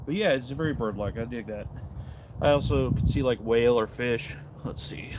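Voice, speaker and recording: A man's voice: mid-range voice, moderate pace, noisy background. A man casually chatting on a livestream outdoors in the cold, reading out and answering chat messages. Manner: laid-back, reads and answers chat while carving. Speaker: livestream host.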